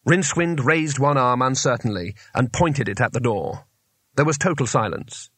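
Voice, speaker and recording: A man narrating an audiobook in a lively storytelling manner. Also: mid-range voice, normal speed, breathy edge, no room sound. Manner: animated, varied storytelling.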